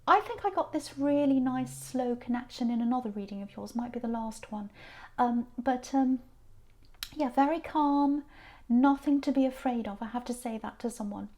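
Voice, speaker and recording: A woman giving a rambling, casual tarot reading, repeating phrases and dropping into soft asides. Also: on the high side, normal speed. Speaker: tarot reader.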